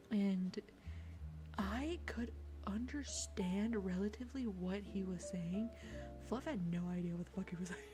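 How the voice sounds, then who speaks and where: A woman with an American accent, chatting with viewers in an ASMR stream, soft-spoken and partly whispered. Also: mid-range voice. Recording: music playing behind.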